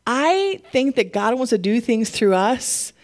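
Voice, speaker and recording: Lady preaching, lively and emotional, laughs a lot, kinda high voice. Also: unhurried. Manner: animated, laughs often, gets emotional. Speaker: pastor. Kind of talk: sermon.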